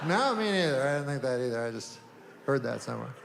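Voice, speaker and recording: Male stand-up comic, dry deadpan delivery, rambling setups, bouncy swinging pitch, reverberant live room. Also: quick pace, vocal fry, background noise. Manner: deadpan, rambling asides, long meandering setups. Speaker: stand-up comedian. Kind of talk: stand-up routine. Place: comedy stage before a live audience.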